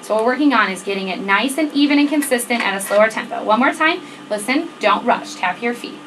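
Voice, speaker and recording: A woman's voice: a little high, lively intonation, quick pace, background noise. A woman band teacher leading a rehearsal, giving directions, counting off the tempo and checking in often. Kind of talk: rehearsal instruction. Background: student band playing.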